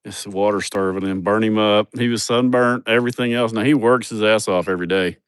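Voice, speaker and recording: Guy on a phone livestream outside, lowish voice, cussing and rambling, dry sound. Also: steady tone, brisk, clean tone, no room sound. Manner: rambling and profane, laughs at his own stories. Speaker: vlogger showing a building project. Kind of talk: casual livestream chat. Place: outdoors at a building site.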